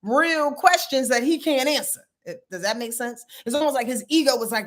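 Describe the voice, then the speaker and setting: Blunt, animated woman chatting with viewers. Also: high voice, normal speed, hardly any pauses. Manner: blunt, animated storytelling with profanity and laughs. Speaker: astrologer and tarot reader. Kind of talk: casual livestream chat with viewers.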